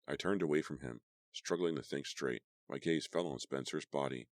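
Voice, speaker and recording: A man with an extremely deep voice reads a horror audiobook in a dramatic, measured way. The sound is dry and close, with almost no room. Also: no room sound. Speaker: audiobook narrator. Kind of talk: scripted horror audiobook narration.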